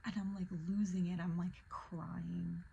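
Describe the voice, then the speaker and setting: Animated young woman with vocal fry. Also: lowish voice, measured pace, muffled recording, slight background noise. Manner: animated, filler-heavy, drops to breathy whispers. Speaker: vlogger. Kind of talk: casual storytelling.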